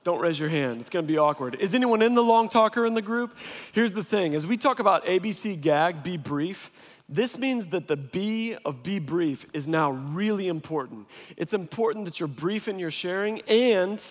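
A man preaching a casual, humorous sermon in an animated way. His voice sits high for a man. It rings with the long reverb of a large hall. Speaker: pastor.

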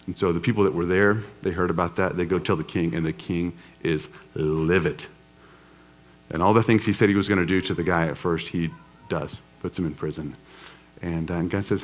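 A man preaching a sermon to a live congregation in a relaxed, storytelling way with touches of humor. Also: sits low, brisk. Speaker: pastor. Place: church before a live congregation.

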